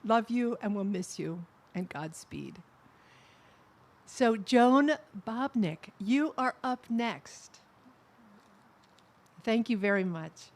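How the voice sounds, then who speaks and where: A middle-aged woman giving a personal eulogy at a memorial service, telling fond anecdotes with soft laughs. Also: on the high side, animated, slow, pauses often.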